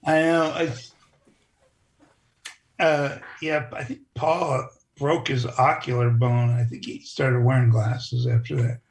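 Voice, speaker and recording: A man's voice: mid-range voice, flat delivery, slow, vocal fry. An older man, a former wrestler, telling stories in a rambling, casual interview. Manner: rambling, restarts, chuckles.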